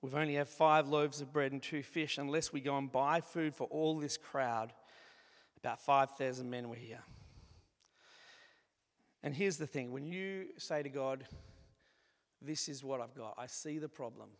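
A man preaching a sermon in an animated, conversational way, acting out little asides as he goes. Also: medium pitch, measured pace, pauses often. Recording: long reverb of a large hall.

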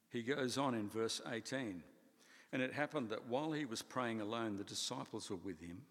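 A man preaching a sermon in a conversational, animated way, with playful asides. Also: medium pitch, measured pace, long pauses, big-room sound. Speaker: pastor.

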